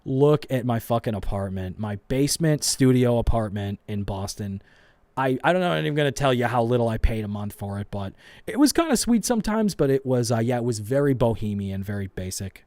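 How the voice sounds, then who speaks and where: A man's voice: medium pitch, animated, a little fast, a little mellow, dry recording. Guy streaming live, cussing and roasting himself, dry close sound, mid voice. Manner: profane, self-mocking, rambling. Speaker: host. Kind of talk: live reaction commentary.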